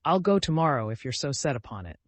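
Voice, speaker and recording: A man's voice: medium pitch, big pitch swings, fast, no echo, close to an everyday voice. A man voicing a cold, reserved young son who answers curtly.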